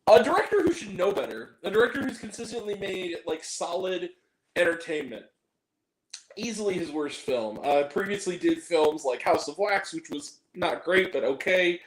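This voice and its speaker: A man hosting a casual movie review show, talking in an animated, joking way with mock-angry rants. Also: high-pitched, moderate pace, reverberant, poor audio.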